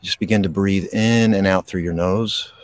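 A man hosting a podcast, guiding a slow, soothing breathing meditation outdoors. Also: sits low, no echo. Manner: slow, soothing, calm delivery with pauses. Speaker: podcast host and meditation guide. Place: outdoors in a park. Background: birds.

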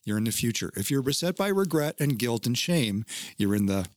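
A man's voice: medium pitch, very animated, brisk, no echo. A man hosting a casual podcast chat, talking in an earnest, teacherly way and swearing now and then. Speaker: podcast host.

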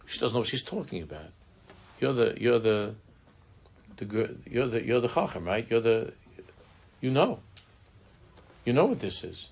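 A man teaching a Chassidic text in an earnest, halting, conversational way, dropping in Hebrew and Yiddish terms. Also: mid-range voice, big pitch swings, gravelly, darkish tone, slightly rough. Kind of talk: conversational Torah class.

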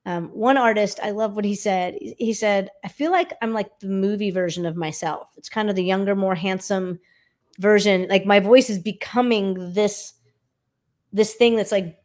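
A woman vocal coach, a guest in a casual interview, explaining with animated talk and quick sung examples. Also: medium pitch. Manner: animated, demonstrates by singing snippets.

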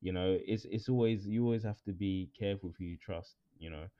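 Animated English man on a lo-fi podcast. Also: low voice, fairly quick. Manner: animated, repeats phrases, jokey. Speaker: podcast co-host. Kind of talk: casual chat. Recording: dull lo-fi sound.

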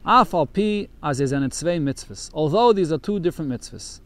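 Man teaching a text lesson, somewhat high. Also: expressive, moderate pace. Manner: reads Yiddish text aloud, then explains it in English. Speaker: Torah teacher.

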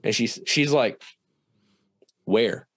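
A young man with a low voice tells a personal story in a loose, animated way. He swears freely and jumps into the voices of the people he describes. The sound is dry and close, with little room around it. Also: brisk, dry recording. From South Dakota. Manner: profane, animated storytelling with quoted dialogue. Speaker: guest storyteller. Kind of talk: casual spoken story.

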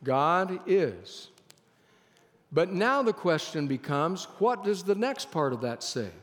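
A male pastor delivering a sermon in an emphatic, measured way, slowing down and dropping low to press a point. His voice sits somewhat high for a man, and a long reverb trails each phrase as in a large hall. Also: very animated. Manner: emphatic, varies pace and loudness for effect.

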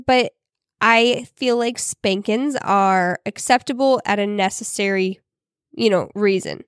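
A woman's voice: mid-range voice, a little slow, clean tone, no echo, clean studio sound. A woman co-hosting a podcast, talking in casual chat with many fillers. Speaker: podcast co-host.

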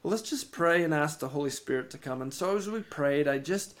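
A man, podcast co-host and ministry founder, telling a faith testimony with lively rises in energy and frequent word repeats. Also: brisk. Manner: animated, rises in pitch and energy when excited; repeats words and restarts sentences. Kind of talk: storytelling testimony in an interview.

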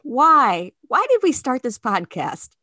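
A woman in her forties from the Chicago suburbs, hosting a podcast in an easygoing chat and quick to laugh. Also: fairly high pitch, very animated, sharp tone, no room sound, clean studio sound. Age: 40s. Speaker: podcast host. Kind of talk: casual chat.

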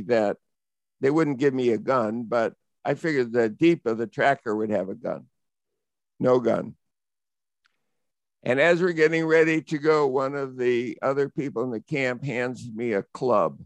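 Guesting on an interview, an American man in middle age spins an animated adventure tale in a mid-range voice. He moves from vivid reflection into growing excitement, and the recording has no room sound.

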